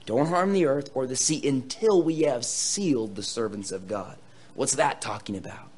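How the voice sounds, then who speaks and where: A man preaching a sermon, reading scripture dramatically and swinging between loud bursts and quieter asides to his listeners. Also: mid-range voice, slightly rough. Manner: playful asides to the audience. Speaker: pastor.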